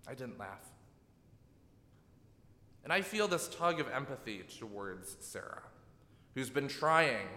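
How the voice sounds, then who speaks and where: A man preaching a sermon in a reflective, gently emphatic way, often checking in with "right?". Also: medium pitch. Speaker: pastor. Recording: echoey hall.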